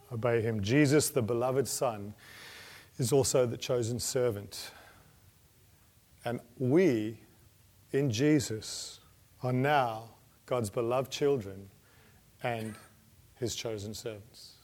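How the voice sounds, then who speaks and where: A man preaching a sermon in an earnest manner, building to emphatic peaks and then dropping his voice low. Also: slow, pauses often, a little mellow.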